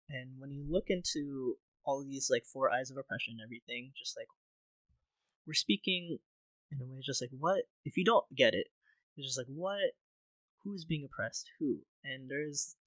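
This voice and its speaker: A man's voice: mid-range voice, a bit bright, no echo, poor audio. A man co-hosting a podcast, talking casually with many filler words. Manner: casual, heavy use of "like" fillers. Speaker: podcast co-host.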